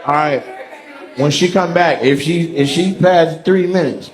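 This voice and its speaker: A man's voice: on the high side, a little slow. Brash, profane male stand-up comic. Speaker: stand-up comedian. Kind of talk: crowd work stand-up. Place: large comedy venue on stage.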